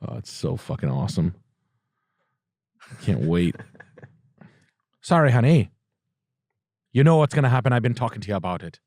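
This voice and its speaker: A man's voice: fairly low pitch, very animated, quick pace, gravelly, long pauses, darkish tone, no room sound, studio quality. A man co-hosting a podcast, telling rambling jokey stories in casual chat. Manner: rambling, joking storyteller. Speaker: podcast co-host. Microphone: podcast mic.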